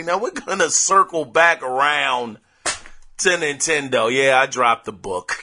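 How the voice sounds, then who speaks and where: A young adult man hosting a casual gaming news podcast, rambling and excitable as he talks off the cuff. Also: on the high side, unhurried. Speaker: podcast host.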